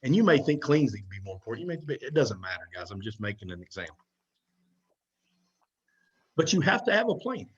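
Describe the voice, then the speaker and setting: A man's voice: medium pitch, very animated, brisk, pauses often, lo-fi sound. A man talks directly and conversationally through a recorded slide presentation for football coaches. He often repeats himself as he goes.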